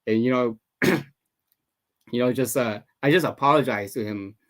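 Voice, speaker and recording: A father in a men's discussion circle speaking earnestly and emotionally, halting often and restarting his sentences. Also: medium pitch. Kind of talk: casual group discussion.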